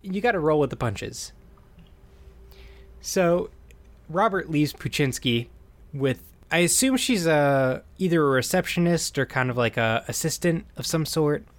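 A man's voice: fairly high pitch, lively intonation, measured pace. A man co-hosting a casual podcast, animatedly retelling a film's plot, acting out quoted lines and laughing often. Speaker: podcast co-host recapping a film. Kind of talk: casual chat.

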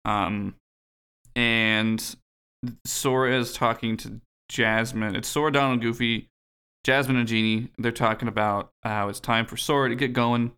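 A man's voice: mid-range voice, steady tone, unhurried, pushed and bright, clear, resonant tone. A young man co-hosting a podcast, recapping a game in a dry, laid-back way with casual swearing. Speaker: podcast co-host.

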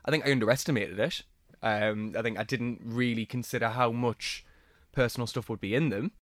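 A man tells a personal story reflectively, stopping and restarting now and then. He talks quickly, and the sound is dry and close. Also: mid-range voice, fairly even intonation, no echo. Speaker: guest.

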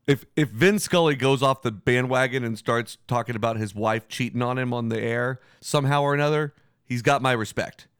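A man in the middle pitch range hosting a casual podcast, joking and blunt, cursing freely. The sound is close and dry, with no room around it. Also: moderate pace, fairly bright tone, clear, resonant tone, dry recording. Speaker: podcast host.

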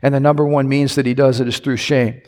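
A man's voice: medium pitch, flat delivery, quick pace, darkish tone. A male pastor preaching a sermon in a church, conversational with asides and restarts. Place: church sanctuary. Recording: long hall reverb.

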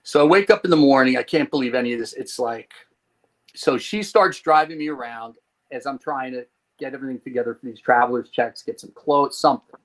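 His mid-range voice moves fairly quickly on a low-quality recording. This New Jersey podcast guest spins a long personal tale, animatedly playing the people in it and cursing in an offhand way.

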